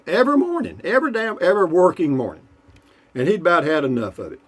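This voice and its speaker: A man's voice: sits high, very animated, quick pace. Folksy, rambling man telling jokes. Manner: rambling, folksy, with frequent fillers and asides; toasting and drinking beer between jokes. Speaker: joke-telling vlogger. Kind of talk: casual joke telling.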